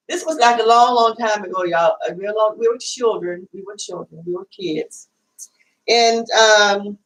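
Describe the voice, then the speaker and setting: Woman, cooking show host, high voice, chatty and rambling; roomy kitchen sound, off-mic. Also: a bit bright, recorded from a distance. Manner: chatty, rambling, many fillers. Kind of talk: casual cooking demonstration. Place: home kitchen. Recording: echoey room, away from the mic.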